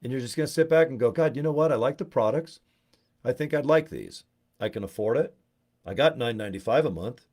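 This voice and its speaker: A man's voice: mid-range voice, lively intonation, brisk, a little mellow. A man in a rambling, joking casual video chat, going off on tangents while promoting a business. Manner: joking, tangents, puts on silly voices. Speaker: network marketing promoter. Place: Utah.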